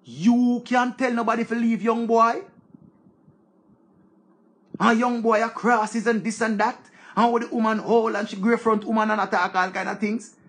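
A man's voice: extremely high pitch, little pitch movement, normal speed, a bit bright. A man with a Jamaican accent ranting to viewers in a heated, scolding way, swearing freely. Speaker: online commentator. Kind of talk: casual rant to viewers.

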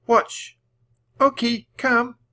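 A man voicing a cheerful, eager young girl in a children's audiobook reading, with bright, excited calls. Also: high-pitched, normal speed, voice pushed up, full character voice.

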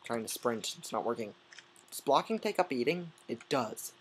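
A man doing goofy, rambling solo game commentary with sudden yelling outbursts. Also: mid-range voice, lively intonation, moderate pace, a little hiss or hum, rough recording. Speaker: gameplay commentator.

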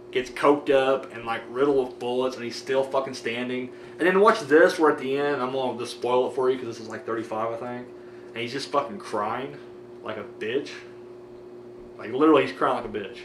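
Young dude rambling and cussing about movies, sounds a bit far from the cam, echoey room, faint hiss behind. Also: male voice, mid-range voice. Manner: rambling, excitable, heavy swearing and fillers. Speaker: DVD collection vlogger. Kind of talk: casual profane movie chat. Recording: roomy audio from a camera mic set back.

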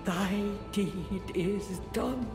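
A woman's voice: mid-range voice, extremely slow, a little mellow, faint music behind. An elderly Irish woman. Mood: awed. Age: older. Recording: echoey hall reverb.

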